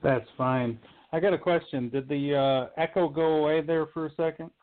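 A man's voice: on the high side, fairly even intonation, moderate pace. A man co-hosting a poetry radio show, keeping things moving. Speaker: co-host. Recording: tinny phone line.

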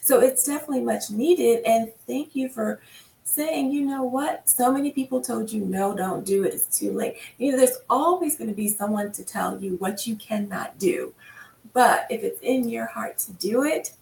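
A woman hosting an interview in a chatty, enthusiastic way. Her fairly high voice has a gravelly fry and sounds set back from the mic, in a roomy space with faint noise behind it. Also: normal speed, darkish tone, distant mic. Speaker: podcast host. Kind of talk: casual interview chat.

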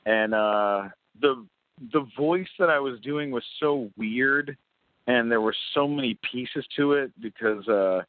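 A man guesting on a casual phone interview, rambling and excitable, with lots of restarts. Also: medium pitch, a little slow, dry recording. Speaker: guest voice actor and comedian. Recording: tinny phone line, dry.

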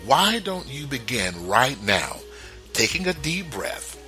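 A man hosting a spiritual broadcast, talking straight to listeners in a lively, chuckling way. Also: mid-range voice, takes it slowly, faint music behind. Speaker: spiritual talk show host. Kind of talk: inspirational radio talk.

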